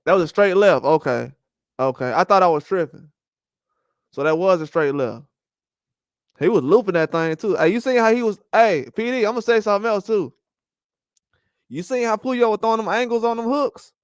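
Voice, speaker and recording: A man's voice: high-pitched, moderate pace, pauses often, smooth, dry recording, studio quality. A man hosting a boxing channel, giving casual, rambling commentary and trash talk. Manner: animated, rambling trash talk with frequent laughs.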